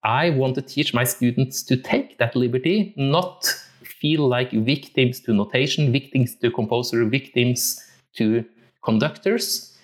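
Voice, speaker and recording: A man's voice: medium pitch, unhurried. A man from Norway, a music teacher giving a thoughtful talk and often searching for his words. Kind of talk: reflective talk on musical interpretation.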